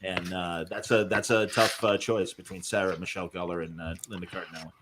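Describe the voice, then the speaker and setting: A man chatting casually as co-host, jumping in with quick remarks and movie trivia. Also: low-pitched, flat delivery, a crowd in the background. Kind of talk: casual chat.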